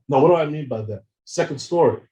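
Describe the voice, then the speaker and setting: A man speaks at a seminar, telling his story with animated energy. His voice is mellow and warm, and he acts out both sides of phone calls. He stumbles over words and repeats them often. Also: a little high, fast, rough recording. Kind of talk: storytelling talk with slides.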